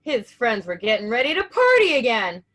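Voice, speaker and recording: A woman hosting and reading a children's picture book aloud in an enthusiastic, animated way. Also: a little high, moderate pace. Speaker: storybook reader and host.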